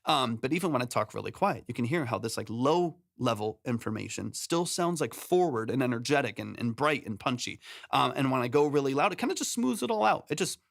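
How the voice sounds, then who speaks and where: A man's voice: medium pitch, lively intonation, a little fast, vocal fry. A man hosting a live music-production stream, explaining mixing with examples and many fillers, through a close, compressed studio mic. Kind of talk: live stream feedback chat.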